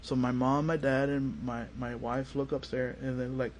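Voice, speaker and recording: A man tells his story in a radio studio, at an ordinary mid pitch. He talks casually and animatedly, putting on the voices of the people in his story. A faint hiss sits under his voice. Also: moderate pace, hardly any pauses. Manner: animated, acts out family dialogue. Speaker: paranormal investigator, studio guest.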